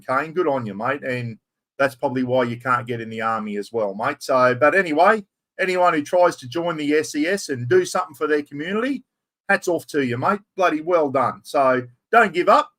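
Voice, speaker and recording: A man's voice: a little high, a bit bright. Chatty Australian man greeting viewers. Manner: chatty, greets viewers by name, broad slang. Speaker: livestream host. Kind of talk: casual livestream chat. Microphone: external microphone.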